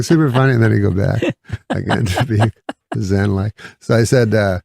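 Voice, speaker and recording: Male comedian guest, very low and gravelly, rambling anecdotes, dry close sound. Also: moderate pace, a little mellow, no echo. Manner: rambling anecdotes with many fillers and acted-out quotes. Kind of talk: casual talk-show storytelling.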